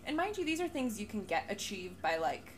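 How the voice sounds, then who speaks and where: A woman's voice: mid-range voice, brisk, slight background noise. Chatty laughing young woman co-host. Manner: animated, laughing, chatty with playful quoted voices. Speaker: podcast co-host. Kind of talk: casual chat.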